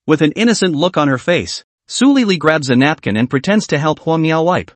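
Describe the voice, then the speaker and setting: A man reads a comic story recap aloud in a dramatic storytelling manner. His voice sits slightly high and moves lively in pitch. The sound is dry and close to the mic. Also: brisk, hardly any pauses, no echo. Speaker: narrator. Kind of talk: scripted story recap narration.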